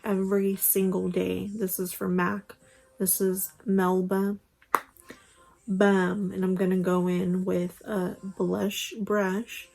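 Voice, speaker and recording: A woman's voice: mid-range voice, creaky, mellow, a little hiss or hum, rough recording. A young woman chatting casually through a makeup tutorial, rambling with lots of fillers, recorded on a phone at home. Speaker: beauty vlogger. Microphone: phone camera.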